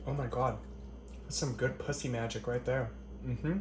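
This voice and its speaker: A man's voice: mid-range voice, fairly even intonation, normal speed, background noise. A man with a mid-range voice runs a casual cooking vlog from his home kitchen, cracking crude, profane jokes straight to the camera. He keeps stopping to taste the food and murmur over it, and the hard kitchen walls give his voice an echo. Dishes and cutlery clink faintly behind him. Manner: tasting food between lines with appreciative murmurs. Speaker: cooking vlogger. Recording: echoey kitchen.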